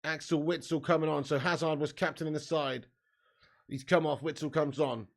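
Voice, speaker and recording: A man's voice: on the high side, fairly even intonation, moderate pace, creaky. A man hosting a live football watch-along from a room at home, chatting and reading out viewer comments. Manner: chatty, reads out chat comments.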